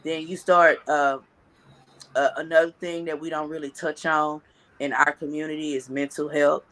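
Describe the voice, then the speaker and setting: A man co-hosting a casual commentary chat, talking reflectively and haltingly with many pauses. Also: a little high, little pitch movement, fairly bright tone. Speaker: co-host.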